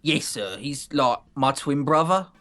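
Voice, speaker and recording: A man's voice: medium pitch, animated, measured pace, bright, forceful tone, faint music behind. Man reading as a meek young woman cadet. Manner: timid, answering briefly.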